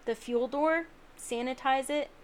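A woman's voice: high voice, measured pace, slight background noise. A sleepy woman hosting a late-night solo podcast, talking in an earnest, rambling, self-deprecating way from home. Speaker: podcast host.

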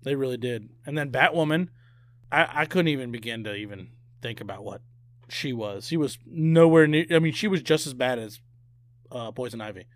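A man's voice: mid-range voice, normal speed, dry recording. A young man co-hosting a casual movie review chat, joking and agreeable, swearing now and then. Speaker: podcast co-host.

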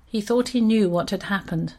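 A woman reading a children's story aloud in an expressive, steady storytelling manner. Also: medium pitch, normal speed.

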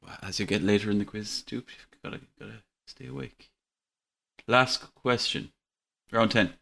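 An Irish man hosting a casual podcast football quiz, relaxed and chuckling, slightly tipsy. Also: on the low side, moderate pace, vocal fry. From Ireland. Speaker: quiz host.

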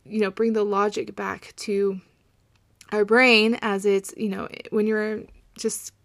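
A woman's voice: medium pitch, level tone, takes it slowly, creaky, fairly bright tone, no echo, clean studio sound. A woman in her thirties hosting a coaching podcast, talking in an earnest, reassuring way and repeating phrases for emphasis. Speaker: podcast host and postpartum coach. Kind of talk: casual podcast monologue.

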